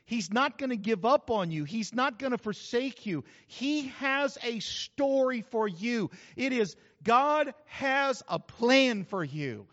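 A man's voice: very high voice, expressive, slow, few pauses, a bit bright, no echo, dull audio. A man preaching a sermon in a folksy, joking way. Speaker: pastor.

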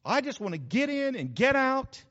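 A man's voice: extremely high pitch, sing-song, moderate pace, fairly bright tone, in a large hall, muffled recording. An older man, preaching a sermon as pastor in an emphatic, repetitive, folksy way. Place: church.

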